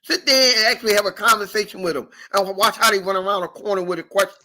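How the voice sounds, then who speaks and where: High-voiced man ranting profanely. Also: quick pace. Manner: profane, animated, repetitive ranting. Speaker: podcast host. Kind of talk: casual ranting chat.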